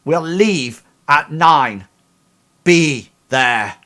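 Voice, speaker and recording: A man voicing a haughty, fiery young noblewoman in a tabletop game, sharp and commanding, pitched up. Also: lively intonation, drawn-out words, exaggerated voice.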